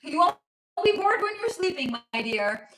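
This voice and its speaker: Her voice is very high-pitched and sing-song, fairly bright in tone, and delivered at a normal pace, captured in a rough recording with a roomy sound. She's a livestream host and spiritual reader chatting playfully from home, her child close by. She responds to viewer comments, teasing and laughing a lot.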